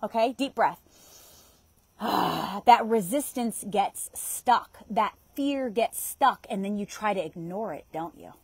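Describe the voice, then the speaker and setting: A woman's voice: mid-range voice, lively intonation, slow pace, darkish tone, breathy edge, no room sound, low-quality recording. A woman guiding an EFT tapping session outdoors, talking casually, swearing freely and laughing often. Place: outdoors in a yard at dusk.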